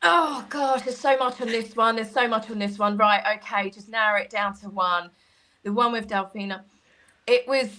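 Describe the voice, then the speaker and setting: A woman co-hosting a casual chat show, animated and mocking, acting out what people said. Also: on the high side. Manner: animated, mocking, acts out quotes. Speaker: co-host.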